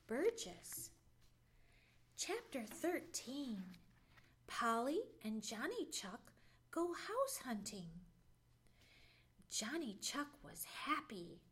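High, lively librarian reading a story. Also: female voice, drawn-out words, pauses often. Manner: expressive storytelling. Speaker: children's librarian. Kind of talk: bedtime story read-aloud.

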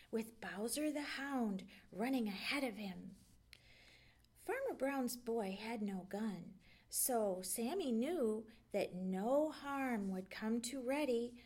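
High, lively storytelling librarian woman. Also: husky. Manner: gentle, expressive storytelling. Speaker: children's librarian. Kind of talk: storybook read-aloud.

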